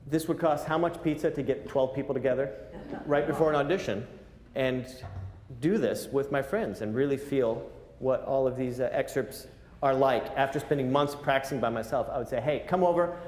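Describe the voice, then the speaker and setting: In a large recital hall, a man teaches a clarinet masterclass, coaching the players in an animated, joking way and counting them in. His voice is medium-pitched at a normal speed. The recording has a roomy hall sound with faint ambience.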